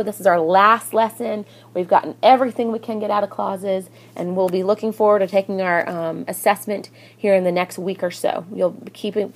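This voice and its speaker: A young woman teacher giving a recorded grammar lesson in a chatty way, reading example sentences in lively voices. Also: medium pitch.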